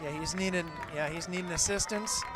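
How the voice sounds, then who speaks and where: A middle-aged man calls a local high school football game, cheering openly for the home side. His voice sits high and lifts into shouts when a big play breaks. Crowd noise and outdoor sound fill the background. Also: fairly quick. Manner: excited, shouts on big plays, openly partisan for the home team. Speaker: play-by-play announcer. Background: crowd noise from the stands.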